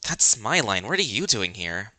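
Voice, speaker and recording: Man, let's-play streamer, very bright tone, lively swooping pitch, giggly, dry close mic. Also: normal speed. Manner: animated, giggly, squeals up high when excited. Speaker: streamer playing a game with friends. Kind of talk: casual let's-play chat.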